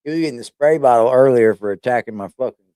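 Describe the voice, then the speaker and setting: A man's voice: medium pitch, fast talker, dark tone, clear, resonant tone, no room sound, studio quality. A man hosting a casual live stream, chatting loosely and with plenty of swearing while he talks to his pet. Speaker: streamer host.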